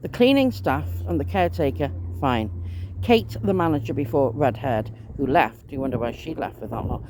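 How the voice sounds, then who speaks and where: A woman's voice: a bass voice, lively intonation, moderate pace, a little mellow, a little hiss or hum. A woman, rambling in a casual monologue to camera, chatty and aggrieved, swearing mildly as she complains. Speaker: vlogger.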